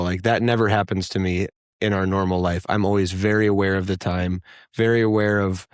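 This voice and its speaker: Easygoing low-voiced man on a podcast. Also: level tone, normal speed, clear, resonant tone, no room sound, clean studio sound. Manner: easygoing, reflective, plainspoken. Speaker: podcast co-host. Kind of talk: casual chat.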